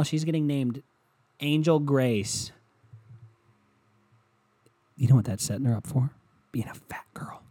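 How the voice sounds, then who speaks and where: A man's voice: medium pitch, dark tone. A man delivering a rambling, profane comedic rant that swings into mockery.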